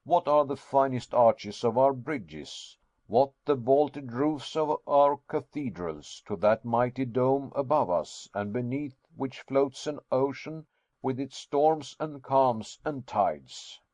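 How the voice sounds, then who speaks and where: A learned old professor holds forth with emphatic confidence, as a man puts him on. His delivery is loud and lecturing, recorded dry and close. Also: medium pitch, slow pace, dry recording, natural voice.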